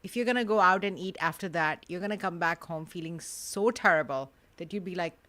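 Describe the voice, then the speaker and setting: A woman's voice: on the low side, fairly quick, sharp tone. Chatty woman podcast co-host. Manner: chatty, lots of fillers like "like" and "you know". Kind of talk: casual podcast chat.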